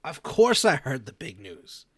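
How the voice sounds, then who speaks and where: A man's voice: a little high, very animated, a little slow, fairly bright tone, no room sound. A man co-hosting a role-played talk show, joking around, repeating himself and giggling.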